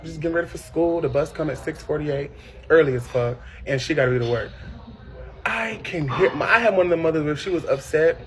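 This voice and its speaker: A man telling a personal story in casual chat, animated and profane, with sudden high shrieking impressions. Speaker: podcast host.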